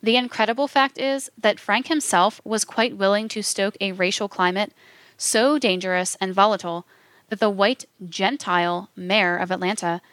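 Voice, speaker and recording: A woman delivers scripted documentary narration at an even, measured pace, reading each passage with formal care. Her voice sits at a middling pitch. The sound is close and dry, with no room around it. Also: no room sound. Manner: measured, reads quotations aloud with formal announcements.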